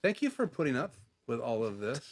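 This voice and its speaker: A man's voice: medium pitch, wildly swooping pitch, normal speed. Chatty man hosting a live stream. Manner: chatty, reading out and answering viewer comments. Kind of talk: casual live stream chat. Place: home office.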